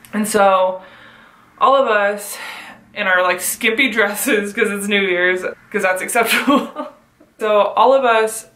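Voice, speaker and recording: Bright-voiced young woman telling a story. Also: mid-range voice, echoey room, poor audio. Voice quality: frequent swearing. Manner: animated, laughing storyteller. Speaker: vlogger. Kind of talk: casual storytime.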